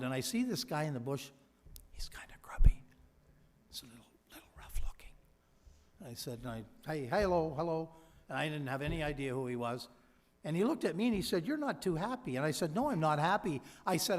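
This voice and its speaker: Man telling anecdotes in a reverberant hall. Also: mid-range voice. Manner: storytelling, quoting others. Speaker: convocation speaker. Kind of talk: ceremonial speech with anecdotes. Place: large hall.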